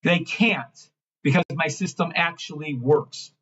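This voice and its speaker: A man hosting a trading livestream, ranting in a brash, mocking, profane way and swinging between loud outbursts and low mumbling. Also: a little slow, muffled recording. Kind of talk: live-stream rant and chart reading.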